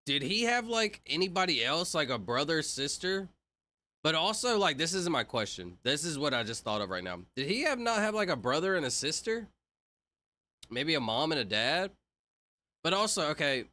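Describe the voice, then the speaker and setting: A young man with a bright, forceful voice talks on a livestream. He rambles loosely, leaning hard on filler words and casual slang. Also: on the high side, very animated, normal speed, no room sound. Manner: rambling, filler-heavy, says "like" and "bro" a lot. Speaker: streamer.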